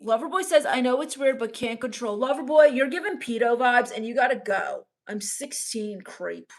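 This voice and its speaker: A young woman streaming in character, deadpan and sulky, sarcastically complaining while reading chat comments aloud. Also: fairly high pitch, a little fast. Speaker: comedic livestreamer reading chat. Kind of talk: in-character comedy livestream.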